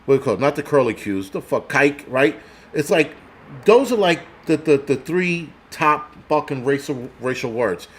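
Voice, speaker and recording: A man's voice: fairly high pitch, expressive, moderate pace. A middle-aged man hosting a channel in a casual, rambling, profane livestream rant, laughing often and answering chat comments. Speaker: prepper channel host.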